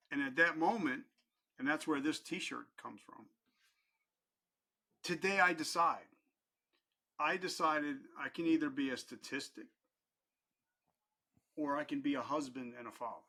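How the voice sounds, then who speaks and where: Gravelly, bright-voiced man. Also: a little high, slow pace, pauses often. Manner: candid and earnest, with blunt, casual language. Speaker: podcast guest. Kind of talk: personal storytelling in an interview.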